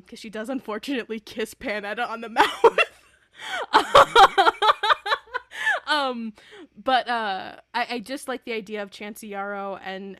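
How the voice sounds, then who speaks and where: A woman's voice: fairly high pitch, a bit bright, no room sound, clean studio sound. A woman co-hosting a podcast in casual fan chat, rambling and often correcting herself. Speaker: podcast co-host.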